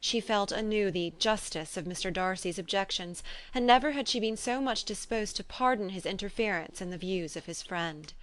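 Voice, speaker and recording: A woman narrating a classic novel as an audiobook, measured and even. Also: medium pitch. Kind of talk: scripted narration.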